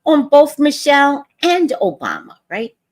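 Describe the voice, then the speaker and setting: A woman hosting a casual livestream, telling an animated story and acting out other people's lines in voices. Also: sits high, measured pace, no room sound. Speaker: vlog host.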